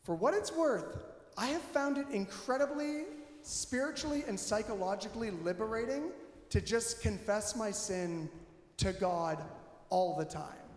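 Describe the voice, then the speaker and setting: A man preaching a candid, conversational sermon in a church, animated and self-deprecating. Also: sits high, a little slow. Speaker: pastor. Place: church sanctuary. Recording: echoey hall with long reverb.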